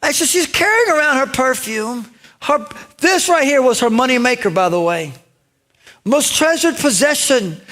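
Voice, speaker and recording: A male pastor preaching a sermon in a lively storytelling way, acting out lines and talking directly to his congregation. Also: extremely high pitch. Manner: conversational asides to the congregation.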